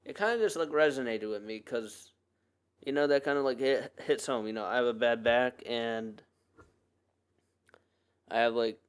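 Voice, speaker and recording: A man's voice: mid-range voice, normal speed, pauses often, clean tone. A man hosting his own podcast and talking alone in a loose, earnest, rambling way, full of fillers and restarts. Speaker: podcast host. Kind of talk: casual solo podcast monologue.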